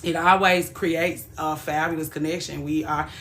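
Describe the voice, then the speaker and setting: Woman, livestream host, casual chat, frank, soft to loud swings, lowish voice. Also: flat delivery, normal speed, slight background noise.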